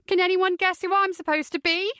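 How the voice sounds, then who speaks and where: A woman's voice: very high-pitched, fairly even intonation, a little fast, sharp tone, no echo, clean studio sound, pitched above the performer's own voice. A woman voicing a drunk young woman who taunts and giggles in an audiobook thriller. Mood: taunting. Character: drunk shrieking young woman, mocking and cruel.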